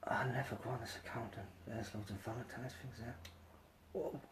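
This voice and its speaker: A hoarse, croaky man, hosting a casual live stream where he sings loudly and mumbles low asides. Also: fairly even intonation, moderate pace, very noisy. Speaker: live streamer singing with guitar.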